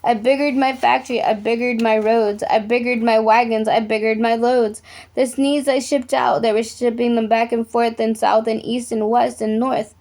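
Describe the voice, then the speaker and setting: A woman reading a rhyming picture book aloud with an even, rhythmic delivery. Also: on the high side, normal speed. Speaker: storyteller.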